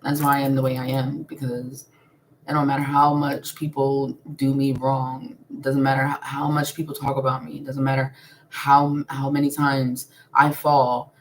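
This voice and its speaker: A low-voiced woman talking in on a casual live stream. She is blunt and swears freely, and she breaks into laughter often. A faint hiss sits under the recording. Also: flat delivery, normal speed. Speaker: spiritual vlogger.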